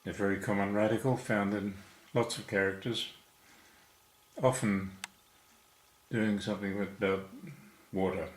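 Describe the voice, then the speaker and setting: Counting strokes aloud, a man patiently teaches how to write Chinese characters one step at a time. His voice is on the low side with little pitch movement, a measured pace and long pauses, captured in an echoey room.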